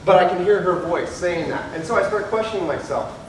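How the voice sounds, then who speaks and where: A man's voice: high voice, fairly quick, slight background noise. A man, a police officer, telling his own story candidly to an audience and acting out the people he quotes. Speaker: police officer giving a talk. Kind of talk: personal testimony to an audience. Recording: echoey hall, speaker far from mic, faint ambience.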